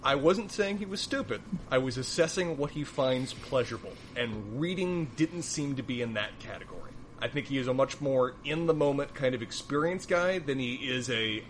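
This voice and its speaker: Fast-talking man, faint background hiss. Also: medium pitch. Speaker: podcast co-host. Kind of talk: casual recap chat.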